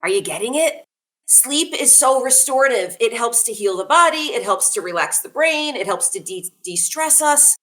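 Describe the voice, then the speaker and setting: A woman in her forties speaking as a wellness guest on a podcast, animated and laughing readily, often asking listeners questions. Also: on the high side, normal speed. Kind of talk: conversational podcast talk.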